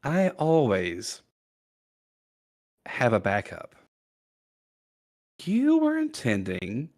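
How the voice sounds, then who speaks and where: A man voicing a scheming male villain cleric who keeps secrets, talking softly and savoring his threats in a tabletop game. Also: medium pitch, heavily acted. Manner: soft, menacing, savoring.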